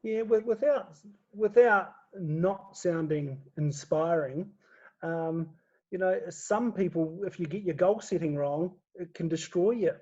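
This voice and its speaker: A man with a high voice talks casually as an interview guest, laughing often and tripping over his words as he goes. The sound is dull and lo-fi, like a video call. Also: takes it slowly, a little mellow, slightly rough. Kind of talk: casual chat.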